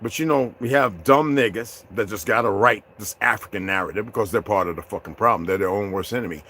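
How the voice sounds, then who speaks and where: A man ranting to his viewers in an unscripted, confrontational, profane way, dropping to low mutters and rising to loud outbursts. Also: quick pace, a little hiss or hum. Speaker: vlogger addressing his viewers. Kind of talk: unscripted rant to camera.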